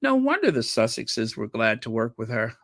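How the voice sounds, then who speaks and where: A man's voice: mid-range voice, huge pitch swings, moderate pace, fairly bright tone, dry recording, clean studio sound. A man hosting his own channel, chatting casually and reading viewer comments aloud in a rambling way. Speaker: channel host.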